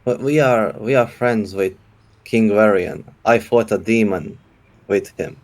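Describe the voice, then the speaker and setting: A brash, boastful dwarf sea captain in a fantasy tabletop game, tossing out a hearty "aye", as a man plays him in a lowish, everyday voice. He talks casually and with swagger. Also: a little slow, darkish tone, natural voice. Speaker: player.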